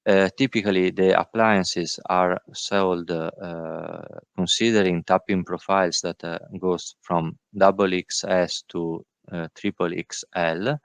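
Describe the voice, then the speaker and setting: Halting, low-voiced man presenting slides. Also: flat delivery, vocal fry, clear, resonant tone, no room sound. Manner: halting, many filler sounds. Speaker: workshop presenter. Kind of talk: technical presentation. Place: virtual workshop call.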